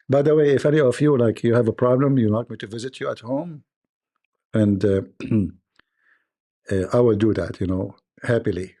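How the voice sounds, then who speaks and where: Gravelly joking man telling stories. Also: mid-range voice, moderate pace, long pauses, warm tone. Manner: laughs at own stories, acts out dialogue. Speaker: live stream host. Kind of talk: joking live-stream monologue.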